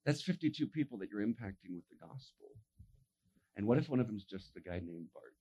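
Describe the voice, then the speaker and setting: A man preaching a sermon, telling stories and acting out the voices of the people in them, dropping to a hush and then rising to a shout. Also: lowish voice, expressive, a little fast, slightly rough, lo-fi sound. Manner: acts out voices in his stories, swings from hushed to shouting. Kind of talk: animated sermon storytelling.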